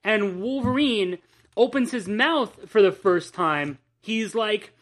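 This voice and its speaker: A man's voice: high voice, animated, slow, a bit bright. A man rambles through a casual podcast chat with plenty of enthusiasm and cursing. His delivery is loose, full of restarts and asides. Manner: rambling, enthusiastic, swears freely. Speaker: podcast co-host.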